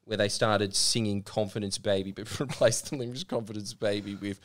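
A man hosting a podcast, joking and swearing in a relaxed chat, laughing often. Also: fairly low pitch, fairly quick. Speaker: podcast host. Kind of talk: casual chat.

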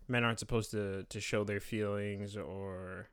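A young man co-hosting a casual podcast chat, thinking out loud and laughing often. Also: fairly low pitch, fairly even intonation, measured pace, a crowd in the background. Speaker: podcast co-host and editor.

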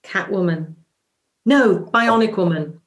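A woman's voice: medium pitch, slow pace. A middle-aged woman, a stage actress giving advice in an interview, chatty and full of restarts. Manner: chatty, warm advice with many restarts and "you know". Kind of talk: casual interview chat.

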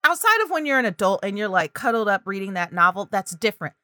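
A woman's voice: medium pitch, very animated, fast, sharp tone, dry recording, clean studio sound. A woman talking parents through early reading and language signs, acting out child and parent voices now and then. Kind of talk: parenting advice video.

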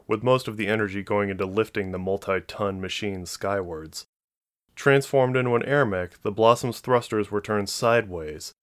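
A man reads a sci-fi audiobook aloud with a steady, measured delivery. His voice sits a little low. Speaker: audiobook narrator. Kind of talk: fiction audiobook narration.

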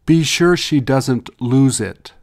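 A man reading English example sentences and brief explanations in a measured, deliberate way, as a language teacher. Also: mid-range voice. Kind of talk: slow scripted language drill.

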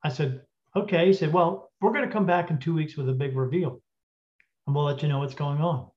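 Male podcast guest, slightly high voice, retells a story with acted-out dialogue, frequent throat clearing, lo-fi recording. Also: fairly quick, slight background noise. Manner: animated retelling with quoted dialogue. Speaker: guest spirit medium. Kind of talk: casual storytelling. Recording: dull lo-fi audio.

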